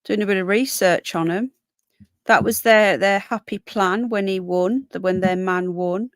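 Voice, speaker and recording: A woman's voice: mid-range voice, a little slow. A tired woman hosts a casual live stream, chatting with her viewers. Her voice sits in a middle range and sounds dry and close, with no room echo. She yawns often and drifts off her point to answer comments. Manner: chatty, talks to viewers and pets in between points. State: yawning, tired. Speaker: livestream host.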